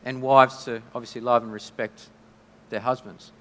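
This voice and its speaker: A man preaching a sermon in a conversational, halting way, often restarting his sentences. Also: medium pitch, little pitch movement, pushed and bright. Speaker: pastor. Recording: long hall reverb.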